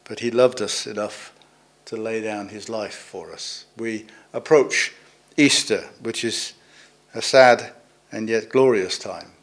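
A middle-aged man preaching a sermon in a conversational way, with gentle humor, pauses and fillers. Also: fairly low pitch, steady tone, vocal fry. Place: church, services also on video call.

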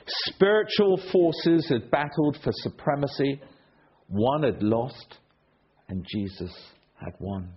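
A man preaching a sermon, telling stories with a rhetorical delivery that swings between loud and hushed. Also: mid-range voice, slow, slightly rough. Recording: dull lo-fi recording.

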